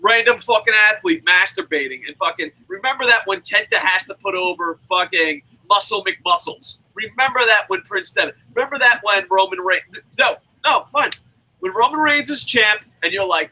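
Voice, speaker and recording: Guy with a really high sharp voice yelling and cussing through a wrestling rant. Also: moderate pace, poor audio. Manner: profane, shouting, ranting. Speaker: wrestling show co-host. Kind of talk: heated opinion rant.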